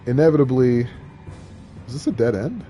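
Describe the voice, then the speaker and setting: A man's voice: mid-range voice, expressive, moderate pace, warm tone, soft background music. A man streaming a game, chatting casually in a rambling, joking way with many fillers. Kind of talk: casual gameplay chat. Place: home streaming setup. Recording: game audio noise underneath.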